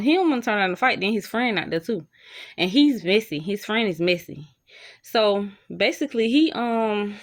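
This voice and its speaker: Animated young woman telling a story. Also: medium pitch. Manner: animated, slangy, talks straight to viewers. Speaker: storytime vlogger. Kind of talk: casual storytime to camera.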